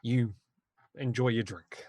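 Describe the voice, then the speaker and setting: A man's voice: mid-range voice, fairly even intonation, takes it slowly, a little mellow, breathy edge. A man playing a character in a tabletop game, polite and slightly formal. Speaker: player.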